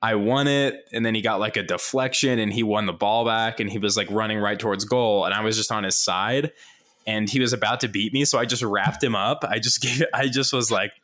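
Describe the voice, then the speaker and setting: A young man telling a long story in casual chat, full of "like" fillers, laughing often and jumping up in pitch to mimic people. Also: brisk. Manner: animated, mimics others in higher voice.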